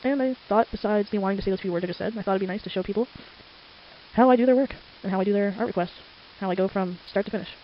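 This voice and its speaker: A teenager talks quickly and rambles, drifting from one thing to the next. The nose sounds stuffy and congested. The home microphone recording is dull and lo-fi, with a faint hiss underneath. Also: mid-range voice. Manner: chatty, rambling, easily sidetracked. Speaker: amateur artist. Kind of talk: casual rambling narration while drawing. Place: home at night. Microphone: desktop microphone.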